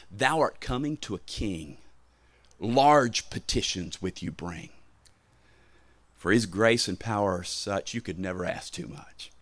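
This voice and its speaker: A man's voice: lowish voice, no room sound. Impassioned man preaching a sermon. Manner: impassioned preaching, emphatic repetitions, sudden swells in loudness. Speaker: pastor.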